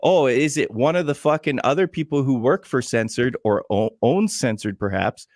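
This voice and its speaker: A man's voice: medium pitch, expressive, moderate pace, darkish tone, no echo, clean studio sound. Aggrieved, swearing podcast host man. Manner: aggrieved, heavy swearing, blunt. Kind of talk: casual uncensored podcast chat.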